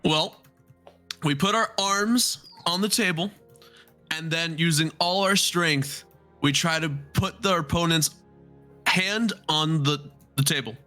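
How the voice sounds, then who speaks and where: A man joking in character during a tabletop game. His voice sits high and bright and swings widely, with faint music under it. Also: slow, long pauses. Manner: joking, playful. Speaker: player. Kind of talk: casual chat, in-character role-play.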